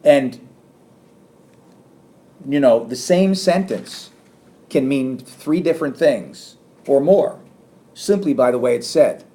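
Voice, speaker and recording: A middle-aged man giving a classroom lecture, animated and acting out sarcastic lines as examples. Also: mid-range voice, takes it slowly, long pauses. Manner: animated, acts out sarcastic quotes. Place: lecture room.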